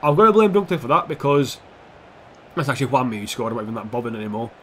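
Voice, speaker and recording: A man's voice: mid-range voice, racing, fairly bright tone, slight background noise. A young man giving casual, sweary, sarcastic commentary over a football video game, talking back at the players on screen. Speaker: gaming YouTuber.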